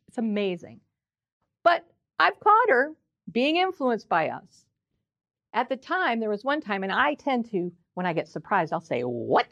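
Expressive older woman voice coach. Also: on the high side, no room sound, muffled recording. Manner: expressive, demonstrative, sings examples. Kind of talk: presentation talk.

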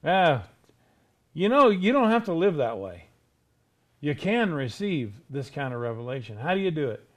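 A man preaching a sermon, emphatic, asking rhetorical questions and slowing down hard on key words. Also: fairly high pitch, big pitch swings. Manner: emphatic, rhetorical questions, drawn-out slow stresses.

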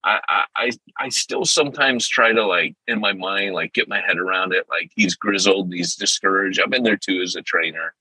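A man hosting a podcast in casual chat, animated and full of quick impressions. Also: deep voice, slightly rough, no echo, low-quality recording. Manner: animated, jumps into impressions and loud exclamations. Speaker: podcast host.

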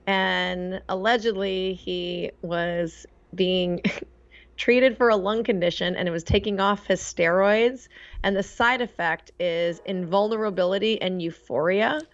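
Woman, podcast co-host, gravelly fry, dull dry recording, chatty storytelling. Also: mid-range voice, a little slow, no echo. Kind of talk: casual chat.

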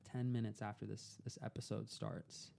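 A young man telling a personal story as a podcast guest, calm and unhurried. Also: on the low side, creaky, a little hiss or hum.

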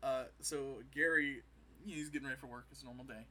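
Bright-voiced man recapping a show. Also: medium pitch, steady tone. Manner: laid-back, recounts scenes with quick quoted voices. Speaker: podcast co-host. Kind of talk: casual chat recapping a show.

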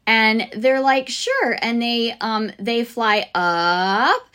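A woman with a slightly high voice hosts a podcast for music teachers. She talks slowly and casually, sharing classroom ideas with enthusiasm. Her speech is loose and chatty, full of fillers and small restarts. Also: bright, forceful tone, clear, resonant tone. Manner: chatty, enthusiastic, chants rhythms and sings snippets.

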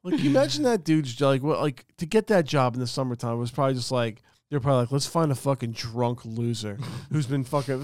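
A man's voice: mid-range voice, no room sound, clean studio sound. A young man, telling a rambling, swear-filled story on a casual podcast. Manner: rambling storyteller, heavy swearing, animated impressions. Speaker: podcast co-host. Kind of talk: casual chat.

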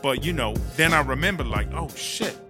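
A man's voice: on the high side, lively intonation, moderate pace, close to an everyday voice. A man voicing a brassy, sassy female inmate in a comedy audio drama, telling a story in slangy, swearing talk over background music. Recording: music playing underneath.

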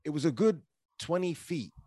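A man's voice: on the high side, normal speed, slightly rough, no room sound. Chatty man telling stories. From London, England. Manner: chatty, animated, filler-heavy with "like" and "right?". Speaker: podcast guest, actor and comedian. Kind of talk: casual storytelling.

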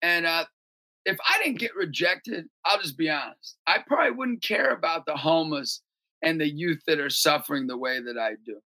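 At a moderate pace, a man who coaches basketball and runs a youth ministry recounts stories in an animated interview. He keeps leaping into shouts and high-pitched character voices.

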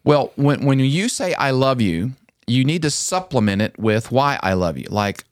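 A man hosting a podcast, chatting casually and acting out quoted lines with lively jumps in his voice. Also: moderate pace, dry recording, studio quality. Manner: animated storyteller, acts out quotes with pitch jumps. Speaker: podcast host.

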